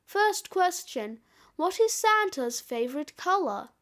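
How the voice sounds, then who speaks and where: A woman's voice: very high-pitched, big pitch swings, takes it slowly, fairly bright tone, exaggerated voice. A woman reading the part of a quiz-show host robot in a formal announcer manner. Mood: announcing.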